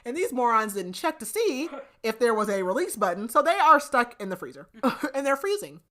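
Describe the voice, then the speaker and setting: A woman's voice: on the high side, moderate pace. Chatty young woman recapping a book. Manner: animated storytelling, frequent "like", laughs. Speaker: podcast host.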